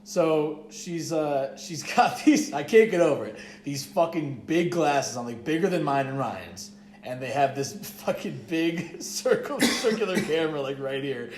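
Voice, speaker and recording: A man's voice: fairly high pitch, expressive, measured pace, darkish tone, a little hiss or hum. A young man telling a long story on a podcast, rambling, swearing freely and saying "like" constantly. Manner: rambling, profane, heavy use of "like". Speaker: podcast co-host. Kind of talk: casual storytelling chat. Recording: echoey room.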